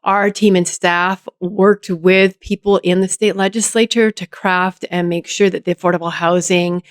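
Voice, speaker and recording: A woman's voice: fairly low pitch, steady tone, moderate pace, no echo, clean studio sound. A woman mayor answering interview questions, methodically breaking a problem into its parts. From Oregon, US. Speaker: city mayor as guest.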